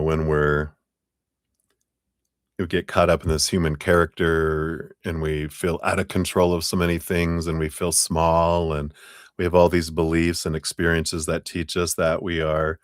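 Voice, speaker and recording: A man's voice: low voice, no room sound, clean studio sound. A man hosting a live tarot stream, chatting casually with viewers and reading cards in a rambling way full of fillers and easy laughter. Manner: chatty and rambling, many "you know" fillers, laughs often. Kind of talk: casual livestream chat and card reading.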